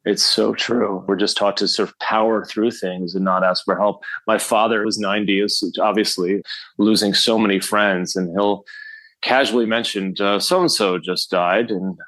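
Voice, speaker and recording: A man's voice: on the low side, fairly even intonation, normal speed, a bit bright, no room sound. A man guest on a podcast, talking earnestly and often laughing as he speaks. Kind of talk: casual interview chat.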